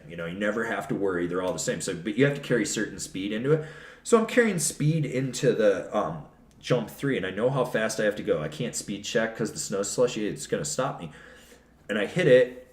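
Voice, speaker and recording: A man's voice: lowish voice, a little mellow. A man as a podcast guest telling stories in a blunt, profane, ranting way, recorded in an echoey room. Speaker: podcast guest, snowboard reviewer. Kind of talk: casual interview storytelling. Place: trade show.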